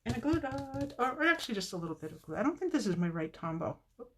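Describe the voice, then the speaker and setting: A woman's voice: on the low side, very animated, racing, a little hiss or hum. Chatty woman crafting on camera. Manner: chatty, talks to viewers by name, laughs often. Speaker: card-making demonstrator. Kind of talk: casual live craft tutorial.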